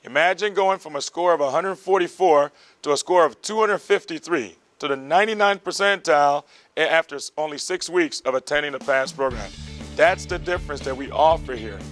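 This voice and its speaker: A man teaching medical exam material and describing his prep program, animated and vivid, acting out heart sounds. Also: on the high side, fairly quick, no echo, faint music behind. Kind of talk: lecturing and promotional interview.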